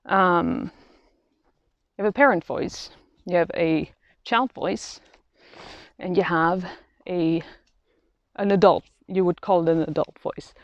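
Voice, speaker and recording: A woman records a reflective vlog on a quiet walk outdoors. She speaks slowly, pausing and restarting as she thinks aloud. The sound is dry but a little dull and lo-fi. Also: on the low side, no echo. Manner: slow, halting and thoughtful, with many restarts. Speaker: vlogger.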